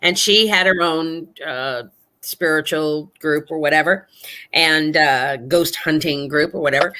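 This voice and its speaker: Woman guest, casual ghost-story teller, lowish bright tone, earnest and rambling. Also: a little slow. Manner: rambling, filler-heavy, earnest.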